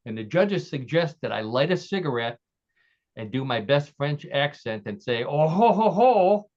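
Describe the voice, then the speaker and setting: A man's voice: mid-range voice, moderate pace. A man hosting a casual podcast, reading quiz stories in a chatty way with frequent restarts. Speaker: podcast host. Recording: dull lo-fi audio.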